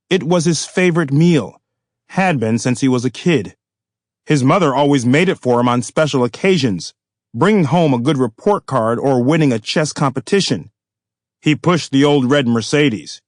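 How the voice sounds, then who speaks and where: A man narrating his own novel as an audiobook, in a measured, even manner. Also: a little high, dry recording, clean studio sound. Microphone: studio microphone.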